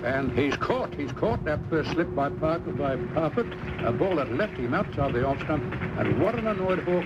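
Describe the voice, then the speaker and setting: A man calls the closing overs of a cricket day in a measured, halting manner. His voice sits in the middle range. The archival broadcast sounds dull and muffled, with loud noise behind it. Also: mid-range voice. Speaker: cricket commentator. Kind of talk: live radio commentary.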